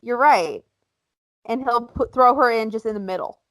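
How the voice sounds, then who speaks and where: A woman co-hosts a podcast in casual chat, bluntly sharing her opinions. Her voice sits a little high. The sound is dry and close, with no room around it. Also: fairly quick, a bit bright, no echo, rough recording. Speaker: podcast co-host.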